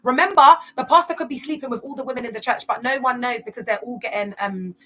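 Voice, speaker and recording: Bright-voiced London woman, slangy and emphatic. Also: on the high side, fast, slight background noise. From West London. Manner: emphatic street slang, rhetorical questions. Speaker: commentator on church cults. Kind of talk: casual vlog commentary.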